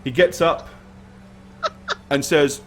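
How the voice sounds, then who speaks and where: A man's voice: fairly high pitch, steady tone, takes it slowly, slight background noise. A man narrating a tabletop game as game master in a casual, hesitant way, with many fillers.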